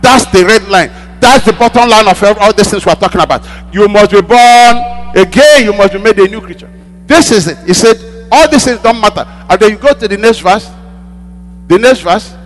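A man's voice: high voice, a little fast, fairly bright tone, faint music behind. A male pastor preaching a sermon, repeating lines for emphasis and prompting the congregation to answer back. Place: church hall. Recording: long hall reverb with mains hum.

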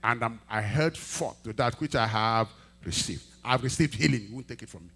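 A male pastor preaching a sermon, telling a testimony and acting out the dialogue, swinging from quiet asides to loud emphatic peaks. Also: medium pitch, brisk, vocal fry, husky. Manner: acts out quoted dialogue in storytelling.

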